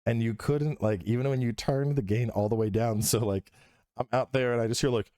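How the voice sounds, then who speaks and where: A male guest on a gaming podcast, talking casually and expressively, moving between mumbled asides and excited outbursts. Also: medium pitch, fairly quick, no room sound, clean studio sound. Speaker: guest, gaming content creator.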